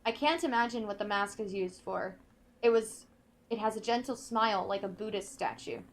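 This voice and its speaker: A let's play gamer with a mid-range voice, this woman works through in-game notes aloud slowly and with care. Every so often she interrupts her reading to offer a comment.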